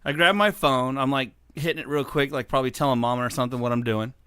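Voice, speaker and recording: A man's voice: mid-range voice, a bit bright, smooth, dry recording, clean studio sound. A man, a podcast co-host, chiming in and retelling a night out in casual chat. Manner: laughs often, chimes in with quick asides.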